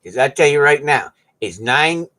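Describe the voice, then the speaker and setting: A middle-aged streamer chatting casually to viewers from home. The voice swings up and down a lot, with folksy banter and a steady middle pitch. The talk is loose, joking and animated. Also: moderate pace. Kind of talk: rambling casual chat to viewers. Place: at home on a cold day.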